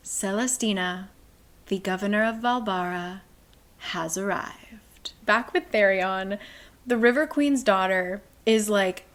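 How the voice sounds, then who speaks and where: A woman's voice: medium pitch, slow pace. A woman casually recapping a novel in a chatty, profane way, full of filler "like"s. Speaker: book recap narrator.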